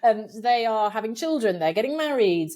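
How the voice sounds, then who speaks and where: A middle-aged woman being interviewed from her home office, talking in a lively, animated way, laughing often and acting out voices in her head. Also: fairly high pitch, moderate pace. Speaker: podcast guest, career coach. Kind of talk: casual conversational interview.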